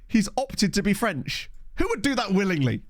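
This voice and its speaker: A young man chats through a game stream, bouncing between topics and laughing often. His voice sits a little high and swings widely in pitch. The sound is dry and close, from a desk mic. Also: normal speed, no echo. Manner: animated, laughs often, chatty asides. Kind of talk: casual game-stream commentary. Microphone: desk condenser mic.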